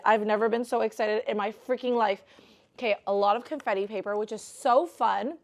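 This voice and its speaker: A woman's voice: a little high, brisk. Gushing young woman unboxing jewelry. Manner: gushing, squealing bursts of excitement; chatty, rambling. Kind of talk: casual unboxing vlog.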